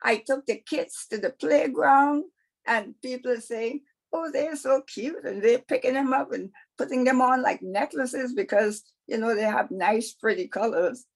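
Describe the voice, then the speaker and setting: A woman's voice: a little high, expressive, a little slow, breathy edge, heavily acted, rough recording. A woman storyteller voicing an angry female snake scolding her husband in a folktale. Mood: ranting. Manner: ranting, scolding. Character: fed-up female snake wife, ranting and bossy.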